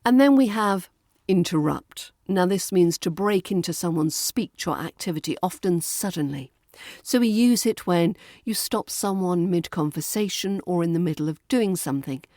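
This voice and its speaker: British female teacher, low-ish mellow voice, deliberate delivery, close dry read. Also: expressive, dry recording. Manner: clear, deliberate, slows to model words. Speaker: podcast host and pronunciation teacher. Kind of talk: pronunciation lesson.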